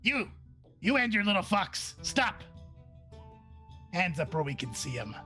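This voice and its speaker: A man's voice: mid-range voice, lively intonation, fairly quick, fairly bright tone, faint music behind, natural voice. A man voicing goblin bandits in a tabletop game, barking threats at the players. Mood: threatening. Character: shrill hostile goblin bandits.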